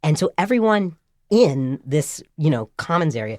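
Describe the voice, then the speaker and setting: A man telling an embarrassing story in casual podcast chat, animated and self-deprecating, full of "like" and "right?". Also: fairly high pitch, moderate pace, no echo, clean studio sound. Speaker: podcast co-host.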